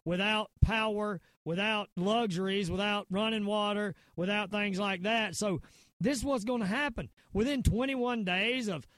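A man with a Southern US drawl holds forth as a podcast host, his voice pitched notably high. He rambles emphatically, stacking fillers and restarts. The sound is close and dry, with no room around it. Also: normal speed, a bit bright, no room sound. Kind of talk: casual conspiracy-minded rant.

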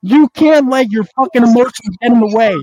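The owner of a podcast network argues angrily with a caller on air, lecturing him and swearing constantly. His voice is extremely high-pitched and mellow, fairly quick, and the recording is rough.

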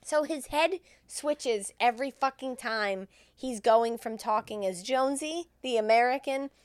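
A woman's voice: a little high, measured pace, clear, resonant tone, no echo. A woman co-hosting a comedy podcast, recapping a film in crude, laughing chat and acting out the lines.

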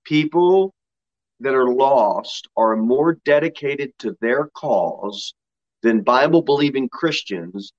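Male pastor, lively pitch swings, folksy sermon delivery, muffled lo-fi recording. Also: slow pace. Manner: folksy, laughing asides between scripture readings.

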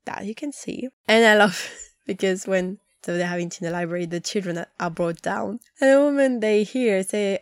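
A woman's voice: medium pitch, moderate pace, smooth, no echo, clean studio sound. A woman chatting casually as a podcast host, animatedly retelling scenes and acting out lines. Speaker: podcast host recapping a TV episode. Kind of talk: casual chat.

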